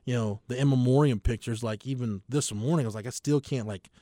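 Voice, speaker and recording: Halting male host with dry sound. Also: medium pitch, mellow, no room sound. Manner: halting, filler-heavy with frequent "like". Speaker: podcast host. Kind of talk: casual chat.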